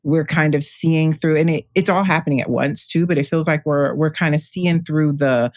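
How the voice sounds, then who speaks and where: A woman's voice: low-pitched, moderate pace, dry recording. A woman in her thirties speaks as a guest on an interview podcast. She talks in a thoughtful, meandering way and often restarts her sentences. Her voice is recorded close and dry. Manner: thoughtful, with many fillers and restarts. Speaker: astrologer guest. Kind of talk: casual interview conversation.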